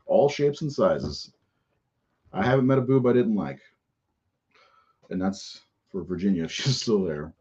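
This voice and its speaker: A man's voice: fairly low pitch, lively intonation, a little slow, pauses often, mellow, husky. A man hosting a podcast in casual live-stream chat, rambling and profane and laughing often. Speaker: podcast host. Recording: dull lo-fi audio.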